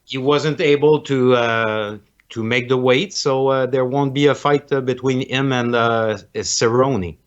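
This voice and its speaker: A man calling in to a live show, speaking hesitantly with many pauses and slightly awkward phrasing. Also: mid-range voice, steady tone, lo-fi sound. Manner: hesitant, many "uh" fillers, non-native phrasing. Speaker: caller. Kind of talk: casual chat.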